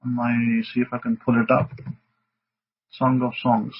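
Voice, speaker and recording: A man's voice: mid-range voice, monotone, moderate pace, husky. A man, a rabbi, giving an informal teaching sermon in a conversational, rambling way with fillers. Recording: dull lo-fi audio.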